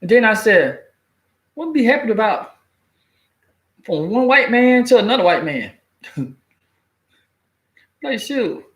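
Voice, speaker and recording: High-voiced man ranting bluntly. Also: takes it slowly, long pauses. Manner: animated, blunt, swears freely, laughs at own jokes. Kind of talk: casual opinion rant. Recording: echoey room.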